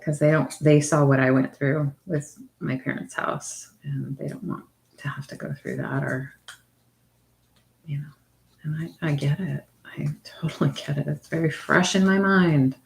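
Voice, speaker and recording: Low-pitched middle-aged woman, easygoing craft-stream host, rambling friendly chat. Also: fairly even intonation, measured pace, creaky. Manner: chatty, meandering, reads out viewer comments. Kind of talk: casual chat with viewers.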